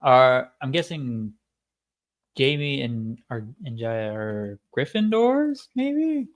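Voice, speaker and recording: A man plays in a casual tabletop session, pausing and thinking aloud about what his character would do. His voice has an ordinary middle pitch. He speaks loosely, with fillers and restarts. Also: sing-song. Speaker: player.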